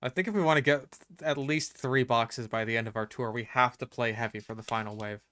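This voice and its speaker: A man's voice: medium pitch, brisk, sharp tone. A young American man giving casual gameplay commentary, muttering and swearing to himself as he plays. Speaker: gaming streamer.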